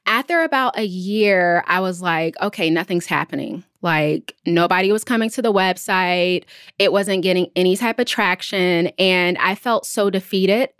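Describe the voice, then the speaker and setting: A woman in her thirties, a business founder, talking through her story as an interview guest. She is animated and jumps up in pitch whenever she quotes someone. The sound is close and dry, with no room echo. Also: moderate pace, clear, resonant tone. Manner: animated, jumps up in pitch when quoting others. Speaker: entrepreneur guest.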